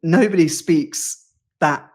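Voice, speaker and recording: A man's voice: on the high side, slow, darkish tone. A man from the UK, a public speaking coach, talking in a podcast interview, speaking fluently and acting out quoted lines. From United Kingdom.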